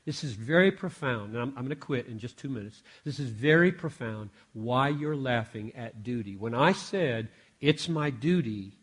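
An older American man preaching a sermon, telling a story with animated delivery and frequent self-corrections. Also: medium pitch, slightly rough.

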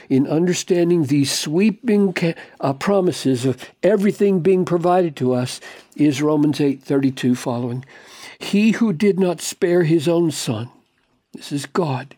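A man teaching from the Bible in a sermon style, emphatic, posing rhetorical questions and dropping into low, quiet tones. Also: no echo, studio quality.

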